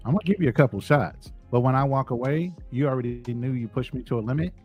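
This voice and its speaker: A man's voice: medium pitch, fast talker, darkish tone, lo-fi sound, faint music behind. A middle-aged man in casual podcast chat, speaking bluntly and emphatically and swearing freely.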